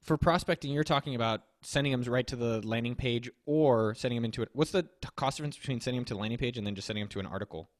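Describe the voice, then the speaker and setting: A man in mid pitch fires off rapid questions, pushing his guest to go back over the details. His voice sounds dry and close to the mic. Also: dry recording. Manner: quick, probing follow-up questions. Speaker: host. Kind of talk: interviewing a guest.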